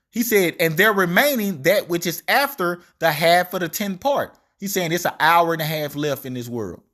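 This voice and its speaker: A man preaching a street-style sermon on scripture, animated and slangy, acting out quotes in shifting voices. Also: high-pitched.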